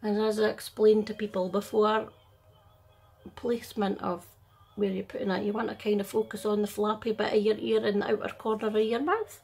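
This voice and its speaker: A middle-aged Scottish woman and makeup artist chatting casually through a makeup tutorial at home, in a soft, half-whispered, self-deprecating way. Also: medium pitch, little pitch movement, moderate pace, gravelly, slightly rough.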